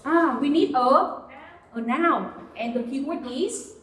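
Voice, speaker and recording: A woman's voice: high-pitched, unhurried, slight background noise. A woman teaching English to a class, patiently prompting students and repeating words. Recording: echoey classroom from far off.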